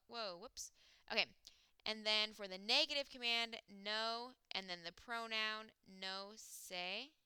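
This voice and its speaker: A woman teacher walks through Spanish grammar one step at a time, tossing in "um" and "okay" as she goes. Her voice is very bright and clean. The recording is dry and close, with almost no room sound. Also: mid-range voice, smooth, no echo. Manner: explains step by step, with frequent "um" and "okay". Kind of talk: recorded classroom lesson.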